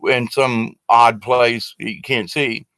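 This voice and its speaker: A man's voice: medium pitch, fairly even intonation, slow, pushed and bright, dry recording. A man giving a casual, rambling spoken teaching to a live stream audience, talking to his webcam with many fillers and restarts. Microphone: webcam facing the speaker.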